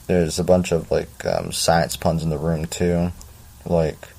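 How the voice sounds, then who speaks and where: A man's voice: deep voice, level tone, slow pace, creaky, a little mellow. A man reading a story aloud in a casual way, breaking off for chatty, self-mocking asides. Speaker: story reader.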